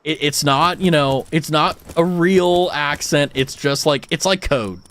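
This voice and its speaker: Somewhat high-voiced and a little slow, this young American streamer, with a General American accent, chats casually with viewers. He tells stories in an animated way, swearing frequently and using lots of fillers.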